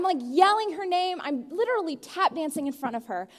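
A woman's voice: extremely high pitch, expressive, brisk, hardly any pauses. A young woman preaching a sermon and praying, earnest and storytelling, often restarting her words, heard in a church sanctuary. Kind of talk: sermon with opening prayer. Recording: long hall reverb.

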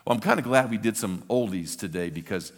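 A man's voice: fairly low pitch, lively intonation, fairly quick, long reverb tail. An older man preaching a sermon as a pastor, telling a story with energy and repeating words for emphasis.

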